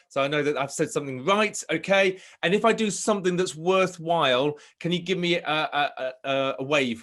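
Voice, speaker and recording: A man from Britain giving a live motivational talk over a video call, telling his story with animated delivery. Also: fairly high pitch, fast, hardly any pauses. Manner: animated storytelling, acts out crowd shouts. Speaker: motivational speaker.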